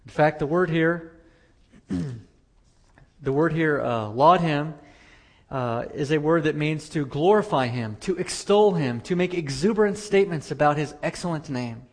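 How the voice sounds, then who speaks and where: A man's voice: a little high, expressive, a little slow. A man preaching a sermon as pastor, earnest, repeating phrases for emphasis.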